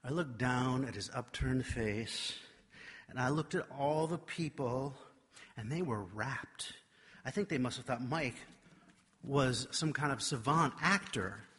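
A man delivers a storytelling sermon in a slightly husky, bright voice pitched a little high. He carries the tale with animated, self-mocking energy. His words ring with a long echo through a large church hall. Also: slow. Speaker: preacher.

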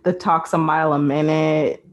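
A woman's voice: low voice, steady tone, normal speed. A woman interviewing a guest in a curious, chatty way. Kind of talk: casual interview chat.

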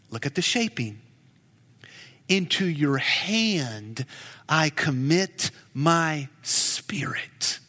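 Male pastor, high voice, unhurried; impassioned sermon in a reverberant hall. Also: sharp tone. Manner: emotive preaching, rising to urgent pleas then dropping low.

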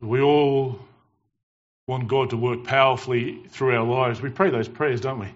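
Animated pastor preaching. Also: male voice, medium pitch, a little slow. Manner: animated, emphatic storytelling with jokes. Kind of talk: sermon. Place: church. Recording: dull lo-fi church recording.

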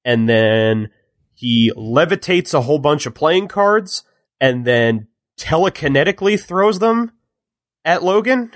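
A man recapping a film on a podcast in a chatty storytelling way, with quick asides. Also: a little high, lively intonation, dry recording, clean studio sound. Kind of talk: casual chat.

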